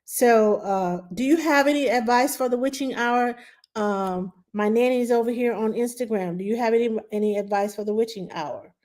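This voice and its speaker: Her voice sits a little high and moves at a moderate pace. She's a middle-aged nanny on a live stream, casually dispensing parenting advice, reading viewer questions aloud and greeting her audience with brightness.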